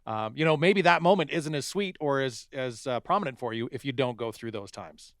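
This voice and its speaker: A man's voice: mid-range voice, brisk, fairly bright tone, no room sound, clean studio sound. A man co-hosting a podcast, chatting with enthusiasm and filling his talk with "you know". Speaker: podcast co-host. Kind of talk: casual chat.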